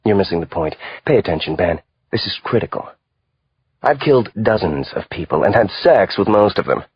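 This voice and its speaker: A male audiobook narrator voicing a cold, calculating contract killer who speaks in a calm, hard way. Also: sits low, moderate pace, slightly rough, no echo, highs cut off, exaggerated voice. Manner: calm, hard, matter-of-fact.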